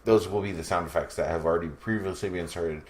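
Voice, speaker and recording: A man's voice: low voice, quick pace. A man co-hosting a podcast in casual chat, telling crude jokes and laughing often. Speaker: podcast co-host.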